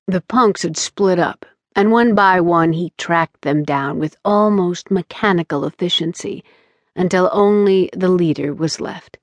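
Brief: woman audiobook narrator, measured delivery, slightly low register, dry close-miked studio. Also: dry recording. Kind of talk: scripted narration. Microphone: close studio mic.

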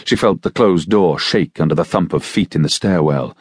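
A man narrating an audiobook in a measured, steady storytelling manner. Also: extremely low pitch, slightly rough, dry recording, clean studio sound. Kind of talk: scripted narration.

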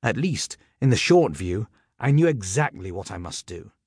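A man narrating a comic novel in the first person, wry and expressive. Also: fairly low pitch, moderate pace, slightly rough, no room sound, clean studio sound. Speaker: audiobook narrator.

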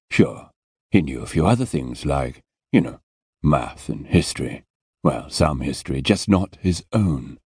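Male audiobook narrator, very deep and husky, dry close studio sound. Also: no room sound. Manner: unhurried, expressive storytelling. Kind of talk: scripted narration.

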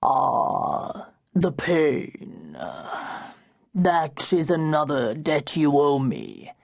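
An unseen, powerful male spirit, voiced by a woman reading an audiobook, speaking in a deep, husky hush. Every word is slow and drawn out, cold and cryptic, full of quiet menace. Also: big pitch swings, heavily acted. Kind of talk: audiobook character voicing.

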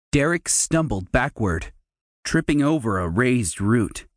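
A man narrating a children's fantasy audiobook in a measured, storytelling manner. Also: medium pitch, dry recording. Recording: dry close studio mic.

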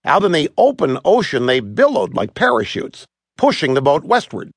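A man narrating a children's audiobook in an animated, expressive storytelling manner, recorded close to a studio mic. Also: fairly high pitch, moderate pace, slightly rough, no echo.

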